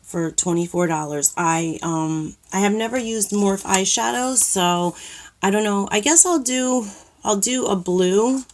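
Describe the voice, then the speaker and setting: A woman with a New York accent films a casual makeup tutorial in her cluttered bedroom, speaking at medium pitch and a measured pace. She rambles with lots of ums and restarts, and, self-conscious, says she's nervous on camera.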